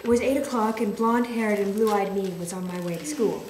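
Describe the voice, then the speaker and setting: A woman's voice: mid-range voice, a little fast, darkish tone. A woman in a writing group reading her own story aloud, playful and laughing at dramatic lines. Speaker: creative writing group member. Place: room with a small group. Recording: echoey room, faint noise.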